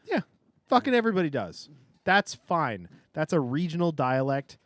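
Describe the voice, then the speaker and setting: A man's voice: fairly high pitch, big pitch swings, moderate pace, no room sound. A man co-hosting a podcast, ranting sarcastically and swearing freely. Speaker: podcast co-host. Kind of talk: casual chat.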